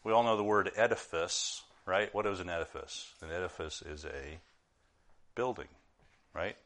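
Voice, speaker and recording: A middle-aged man giving a conversational sermon as a pastor, talking informally with many restarts and fillers and swelling louder on key words. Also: low voice, moderate pace.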